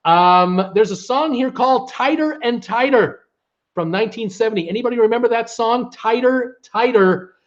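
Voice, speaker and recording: A man's voice: extremely high pitch, moderate pace. A man hosting a live trivia stream, chatting casually with viewers and humming bits of old songs. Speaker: host of a live trivia show. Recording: dull lo-fi stream audio.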